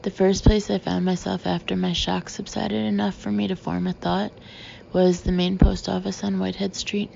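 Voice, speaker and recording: Woman narrator, first-person audiobook, flat low delivery, gravelly. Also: dull audio, a little hiss or hum.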